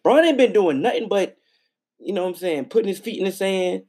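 A man chatting on a sports podcast with a gravelly, husky voice. His pitch swings up and down a lot as he argues his points. He talks in loose slang and repeats phrases to hammer them home. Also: fairly quick. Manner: animated, slangy, repeats himself for emphasis. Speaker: podcast co-host. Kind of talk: casual sports podcast chat.

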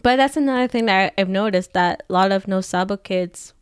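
A woman's voice: mid-range voice, brisk, smooth, dry recording, studio quality. A woman co-hosting a podcast in casual chat, giggling and nervous as she talks. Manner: giggly, nervous, laughs often. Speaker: podcast co-host.

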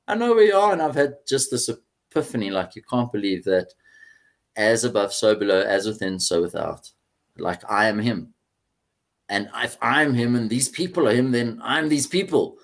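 Man, interview guest, animated storyteller, fairly low voice, casual swearing. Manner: animated, swears, says "mate" often.

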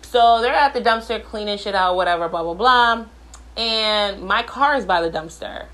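A woman's voice: mid-range voice, normal speed, pushed and bright. A woman in her thirties venting in a casual storytime, blunt and profane, talking from her bathroom at home.

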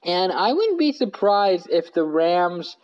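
The recording sounds muffled as a man hosts a casual sports podcast from his living room couch. He speaks slowly in a high-pitched voice with big pitch swings, rambling, self-correcting and leaning heavily on fillers.

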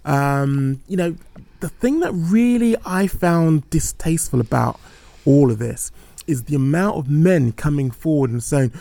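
A man's voice: on the high side, measured pace, creaky, warm tone, no echo. A man hosting a podcast, talking earnestly with many restarts and fillers. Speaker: podcast host. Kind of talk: casual podcast chat.

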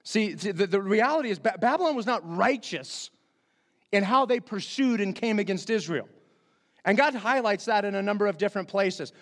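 A man's voice: high voice, lively intonation, normal speed, fairly bright tone, long reverb tail. A middle-aged man preaching a sermon as pastor, earnest and emphatic, repeating key phrases for stress.

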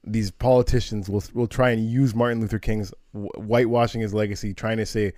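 A man co-hosting a casual podcast chat, walking through history in a relaxed conversational way. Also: fairly low pitch, fairly quick, no echo, clean studio sound. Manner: explains history conversationally, with restarts and fillers. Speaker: co-host.

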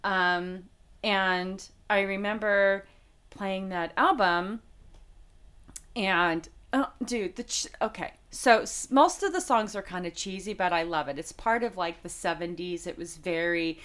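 A middle-aged woman from Las Vegas, a guest telling a personal faith story in a heartfelt, halting way with many fillers. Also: medium pitch, a bit bright, smooth. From Las Vegas, United States. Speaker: interview guest. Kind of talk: personal faith testimony in conversation.

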